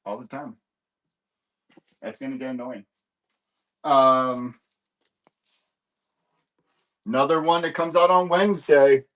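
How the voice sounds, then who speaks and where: A man's voice: medium pitch, steady tone, takes it slowly, long pauses, fairly bright tone. Man rambling through a live comic sale. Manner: rambling, lots of fillers and "hold on"s while searching. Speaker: live-stream comic seller. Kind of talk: casual live-sale chat.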